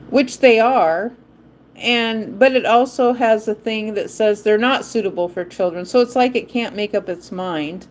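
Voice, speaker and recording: A woman's voice: a little high, expressive, normal speed. A woman hosting a live stream, chatting in a rambling way and laughing often. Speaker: livestream host. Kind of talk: casual live-stream chat.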